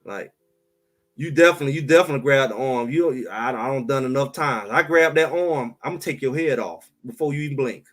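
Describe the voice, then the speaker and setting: A man co-hosting a sports talk show in casual, emphatic chat, trash-talking and animated. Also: mid-range voice, fairly quick.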